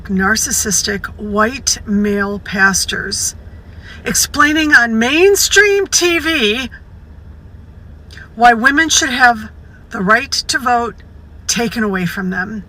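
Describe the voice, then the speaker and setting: Woman outraged, slow, bright sharp voice. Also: on the high side, low-quality recording.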